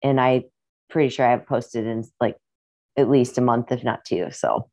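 A young musician guesting on a podcast chats in a casual, slightly rambling way with a Midwestern American accent. Her voice is a mellow bass, delivered at normal speed, with no echo.

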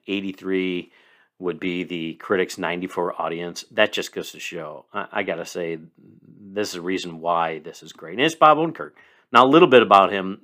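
Low-voiced illinois guy rambling happily about a movie on his podcast. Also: pushed and bright. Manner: enthusiastic, rambling. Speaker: podcast host, movie reviewer. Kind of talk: casual solo podcast review.

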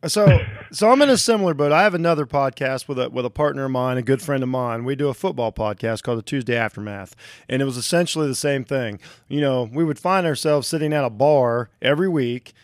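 A middle-aged man from Ohio hosts a relaxed podcast conversation. He wanders through his points with restarts and a casual swear here and there. The recording is dry, with no room sound. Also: medium pitch, fast, no echo. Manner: rambling, lots of restarts and swearing. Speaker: podcast host. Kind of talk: casual chat.

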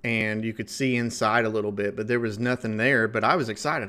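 A folksy man with a rural Ohio River valley twang, spinning a comic travel yarn for his podcast. He talks in a relaxed, chatty way and keeps chuckling at his own stories. His voice sits at an ordinary middle pitch for a man. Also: brisk, hardly any pauses. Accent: Ohio River valley, rural Midwestern. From Ohio, USA. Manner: folksy, chuckling, animated retelling. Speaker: podcast host. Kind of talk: casual comedic storytelling.

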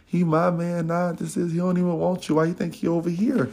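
A man's voice: high voice, little pitch movement, fairly quick, creaky, darkish tone, pitched above the performer's own voice. A man voicing an angry teenage girl who curses and taunts her rival. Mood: taunting. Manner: taunting, cursing.

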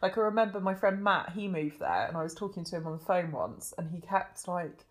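A woman chatting on a podcast, her voice sitting a little low for a woman. She rambles from one thought to the next, laughing as she goes, loose and animated. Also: fairly quick. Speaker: podcast co-host. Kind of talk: casual chat.

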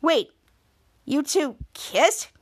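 A know-it-all teen girl sidekick states the obvious in a dry, matter-of-fact way, as a woman retells her lines. Her voice sits high. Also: lively intonation, extremely slow, exaggerated voice.

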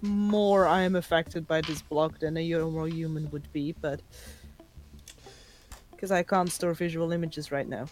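A woman playing her character in a tabletop game, thinking aloud in a fairly low voice. Her speech is deliberate and measured, with faint music underneath. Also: fairly even intonation, darkish tone. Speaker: player.

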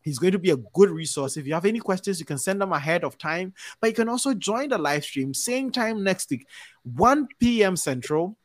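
Signing off his podcast, this host talks in an upbeat, encouraging way, rambling and restarting as he goes. His voice is fairly high for a man, animated and a little fast. The recording is dry and close, with no echo or room sound.

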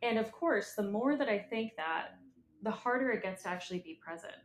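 A woman's voice: mid-range voice, expressive, fairly quick, a little hiss or hum. A woman co-hosting a podcast as a coach, telling stories about herself with dry, self-deprecating humor. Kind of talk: casual conversational chat. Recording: echoey room.

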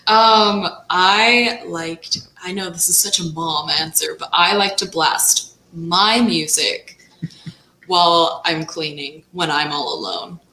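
A woman's voice: lowish voice, bright, forceful tone, a little hiss or hum. A mother chatting as a podcast guest, giggly and easygoing. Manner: giggly, slow and easy. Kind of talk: casual chat. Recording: echoey room.

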